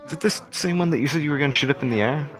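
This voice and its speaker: A man's voice: on the high side, racing. A man role-playing in character, asking eager, curious questions. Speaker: role-play player. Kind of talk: in-character role-play chat. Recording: music playing behind.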